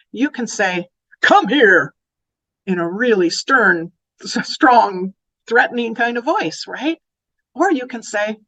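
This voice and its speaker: A woman speaking as an early childhood educator, giving an educational talk that turns animated when she acts out phrases to children. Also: medium pitch.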